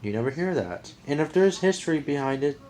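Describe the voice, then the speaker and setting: An American vlogger talks to his viewers in a rambling, repetitive, opinionated monologue to camera, often restarting and repeating himself. His voice is on the high side, animated, fairly quick, and a little mellow, with slight background noise.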